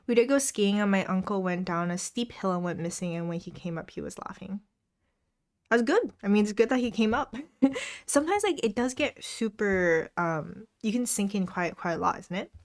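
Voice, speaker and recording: A woman's voice: medium pitch, lively intonation, normal speed. Chatty young woman laughing between comments. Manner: chatty, laughs often, reads viewer comments aloud. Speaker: livestream host. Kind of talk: casual chat with a live audience. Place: home desk during a study stream.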